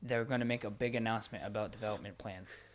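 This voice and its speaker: A man co-hosting a podcast in casual chat, excitable and profane, talking in quick bursts. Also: on the low side. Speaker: podcast co-host. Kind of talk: casual chat about video games.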